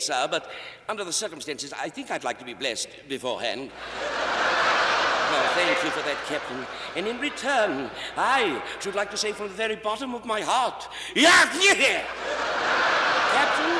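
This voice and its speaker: A man performing a comic monologue as one side of a conversation, overly polite and deferential, calling his listener sir, often stammering and halting. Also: sits high, heavy background noise. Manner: nervous stammering and halting restarts. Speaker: comedian. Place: television studio stage. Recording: long hall reverb on a 1960s TV stage.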